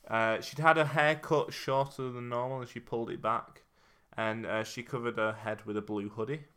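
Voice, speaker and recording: Casting note: young man, podcast co-host, bright tone, rambling storyteller who laughs at his own jokes. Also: medium pitch, steady tone, moderate pace, smooth. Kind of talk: casual chat, storytelling.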